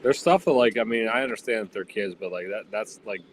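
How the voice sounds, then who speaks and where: A man's voice: on the low side, quick pace, a little hiss or hum. A man co-hosting a casual chat, rambling with lots of fillers.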